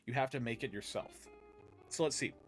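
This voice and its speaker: A man's voice: mid-range voice, a little fast, soft background music. Giggly man reading recipes aloud. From United States. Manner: giggly, laughs often while reading. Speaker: podcast host.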